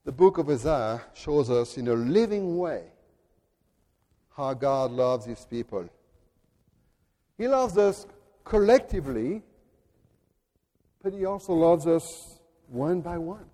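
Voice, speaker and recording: A man with a French accent preaching a sermon in an earnest, deliberate way, at times speaking directly to children. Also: high voice, warm tone, long reverb tail. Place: church.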